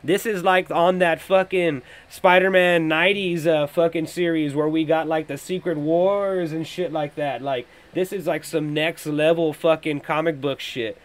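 A man hosting a podcast with a slightly high voice, riffing loosely as he reacts to a trailer. He is excitable, thinks aloud and swears in nearly every sentence. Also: unhurried, few pauses. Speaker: podcast host. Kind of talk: casual trailer reaction commentary.

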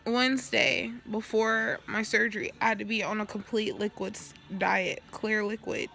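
Gravelly bright-voiced young woman vlogging. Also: mid-range voice, flat delivery, normal speed. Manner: candid, swears freely, acts out quoted dialogue. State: burping, recovering after surgery. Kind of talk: casual storytelling vlog.

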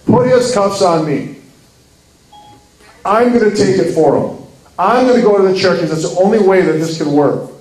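A man voicing a stern but caring male judge who makes firm, measured pronouncements. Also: high voice, a little mellow, roomy sound, far from the mic, natural voice, low-quality recording. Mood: resolute.

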